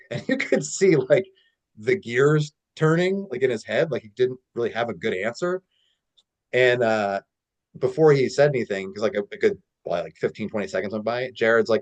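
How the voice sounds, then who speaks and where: Relaxed, filler-heavy male coach. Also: medium pitch, brisk. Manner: relaxed storytelling with many fillers. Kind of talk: casual teaching talk.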